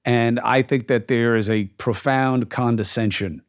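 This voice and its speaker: Speaking at a medium pitch with a steady, clean tone and a slightly slow pace, a podcast host shares his opinions casually. He's emphatic throughout and leans on plenty of ums and uhs.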